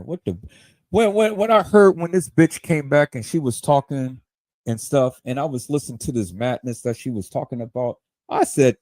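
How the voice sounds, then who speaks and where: A man's voice: medium pitch, moderate pace, darkish tone, no echo. A man hosting a livestream, ranting in a heated, profane way and stammering repeated words as he goes. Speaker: livestream host. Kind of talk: livestream rant.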